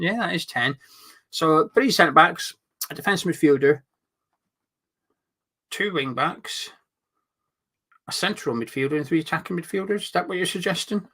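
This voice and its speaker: A man's voice: fairly high pitch, pushed and bright. A man hosting a live fan watch-along stream, chatting casually and reading out viewer comments. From not from England. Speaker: host of a fan channel.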